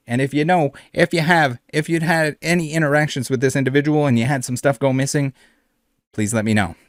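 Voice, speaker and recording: A man's voice: a little high, fairly even intonation, fairly quick, no echo. Blunt, indignant man in a dry recording. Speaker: channel host. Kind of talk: reaction commentary.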